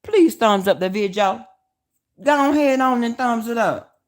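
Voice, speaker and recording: Loud, profane Southern woman vlogger. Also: fairly high pitch, a little slow. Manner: loud, profane and animated, hollering and addressing viewers as y'all. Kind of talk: casual livestream chat.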